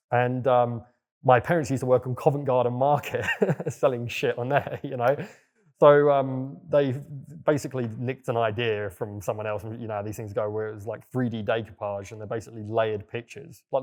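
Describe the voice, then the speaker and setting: Man, young adult, rapid speech, casual storytelling, relaxed and sweary. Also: mid-range voice. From England. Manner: loose, swears freely, many fillers. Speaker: guest entrepreneur. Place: villa in Bali.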